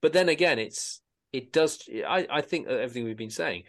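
Male podcast host, average pitch, rambly and full of restarts. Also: expressive, a little fast, a bit bright. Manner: rambling, many restarts and repeated words. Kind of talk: casual podcast discussion.

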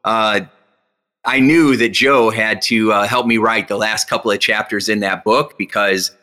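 Storytelling comes animated and high-energy from this male hypnotist and speaker during an interview. He plays out people's quoted words with leaping pitch, yet eases into a slow, instructive tone while leading a breathing exercise.

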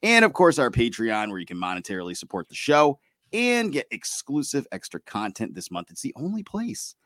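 A man hosting a casual podcast, jokey and quick, laughing often as he talks. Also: mid-range voice, wildly swooping pitch, a bit bright, no echo, clean studio sound. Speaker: podcast host. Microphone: remote recording over a streaming tool.

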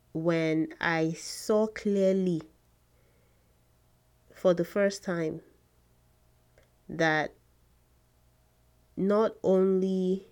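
A woman's voice: on the low side, mellow. A woman in her thirties hosting a faith podcast, talking earnestly and repeating words for emphasis. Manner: earnest and slow, with emphatic repetition. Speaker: podcast host.

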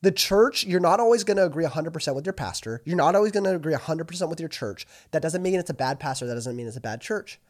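A man's voice: on the high side, animated, quick pace, hardly any pauses. A man hosting a faith podcast, talking directly and earnestly to listeners and acting out both sides of imagined conversations. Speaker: podcast host. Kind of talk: preachy podcast monologue.

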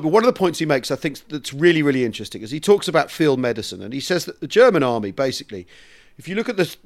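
Animated man telling stories. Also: mid-range voice. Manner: animated storyteller, reads aloud with comic relish. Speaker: podcast co-host. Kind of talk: casual history chat.

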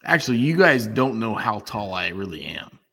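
A man with a fairly low voice co-hosts a casual podcast, rambling through stories and cracking self-deprecating jokes. His voice has a long reverb trailing behind it, as if the mic sits in a live room. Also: big pitch swings, normal speed, vocal fry, sharp tone, slightly rough. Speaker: podcast co-host. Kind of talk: casual banter.

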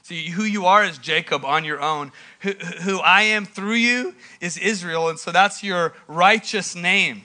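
A male pastor preaching a sermon in an animated way, with dramatic pauses and sudden loud bursts. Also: high-pitched.

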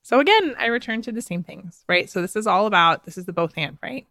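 A woman's voice: mid-range voice, expressive, fairly quick, pushed and bright, dry recording, clean studio sound. A woman in her thirties, a podcast host, telling a personal story in a casual, chatty way with frequent laughs and fillers. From United States.

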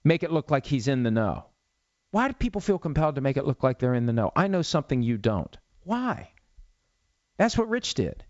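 A man's voice: medium pitch, big pitch swings, fast, darkish tone, no room sound, muffled recording. A middle-aged man hosting a solo podcast, ranting with rhetorical questions and then answering listener questions. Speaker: podcast host.

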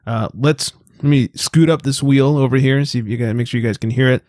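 A man with a mid-pitched voice hosting a casual chat. He is relaxed and joking as he runs the show. The sound is dry and close. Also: a little fast, dry recording. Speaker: podcast host.

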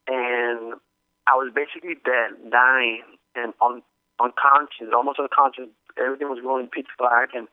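A man from the Dominican Republic, a guest telling his story with many halting restarts over the phone. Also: mid-range voice, no echo. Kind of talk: casual testimony over the phone. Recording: tinny phone line, dry.

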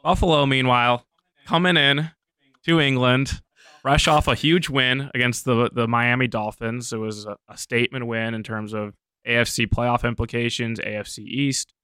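Crisp-voiced male betting analyst. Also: medium pitch, moderate pace, no room sound. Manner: steady, informed, methodical. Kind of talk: studio sports analysis.

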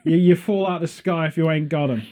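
A fairly high, warm male voice moves at a fairly quick clip with fairly even intonation. He's a podcast host from Britain, chatting casually, joking and wandering onto tangents.

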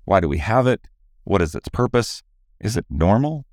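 A man's voice: on the low side, very animated, normal speed, darkish tone, no echo, clean studio sound. A middle-aged man co-hosting a podcast in casual chat, sounding tired from a late flight, upbeat and full of questions. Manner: upbeat, promotional, question-driven. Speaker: podcast co-host.

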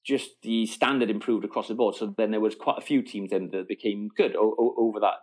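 A man's voice: fairly low pitch, a little fast. Guy in his middle years telling a story, keeps laughing, trips over his own words. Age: middle-aged. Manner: animated, laughing, restarts mid-sentence. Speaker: guest. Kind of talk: casual storytelling.

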